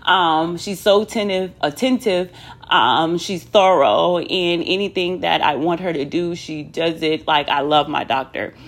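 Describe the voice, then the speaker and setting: A woman's voice: fairly low pitch, a little slow. A woman talking candidly to viewers in a casual personal vlog, chatty, with many ums and asides to "y'all". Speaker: vlogger.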